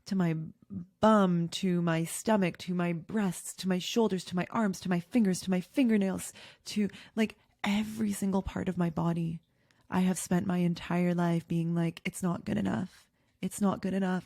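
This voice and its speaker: Low-voiced woman telling a personal story. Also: a little mellow, no room sound, clean studio sound. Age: 30s. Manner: candid and emotional, many fillers. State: tearful at times. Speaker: podcast host.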